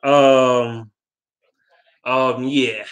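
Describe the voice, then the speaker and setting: A man's voice: medium pitch, flat delivery, very slow, fairly bright tone. A young man in a casual, heated sports rant, swearing a lot and rambling between points. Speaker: sports fan vlogger.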